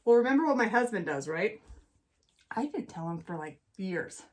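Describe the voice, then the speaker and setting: A woman's voice: mid-range voice, normal speed. A middle-aged woman co-hosting a casual chat, telling a story with lots of acted-out voices. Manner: animated storyteller, acts out voices. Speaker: co-host.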